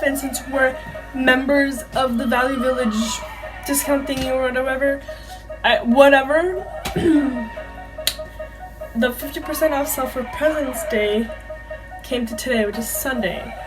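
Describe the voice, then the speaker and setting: A chatty young woman with a bright, high voice talks her way through a makeup tutorial, a little self-conscious and quick to laugh at herself. She speaks into a camera mic, with faint music playing softly behind her. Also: rough recording. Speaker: beauty vlogger. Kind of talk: casual makeup tutorial chat. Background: faint background music.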